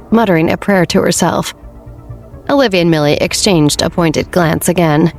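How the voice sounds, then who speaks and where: A woman with a fairly low voice reads a novel aloud in steady, scripted narration. Faint music plays behind her. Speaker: audiobook narrator.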